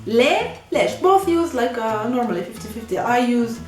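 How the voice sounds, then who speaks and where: A woman teaching a language lesson to camera in a lively way, laughing at her own slips. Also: a little high, a little fast. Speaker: Arabic teacher. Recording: echoey room with faint music.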